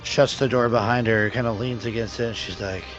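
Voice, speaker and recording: A man's voice: medium pitch, steady tone, a little fast, a bit bright, faint music behind. A man narrating as game master for a tabletop game, rambling, with many fillers and restarts. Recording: dull lo-fi audio.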